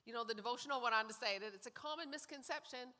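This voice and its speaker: Woman, bright voice, church testimony in a reverberant hall, acts out the quotes. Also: fairly high pitch, rapid-fire. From Canada. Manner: storytelling, acts out quoted lines. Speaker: guest speaker sharing testimony. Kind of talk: personal testimony in a church service. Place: church sanctuary.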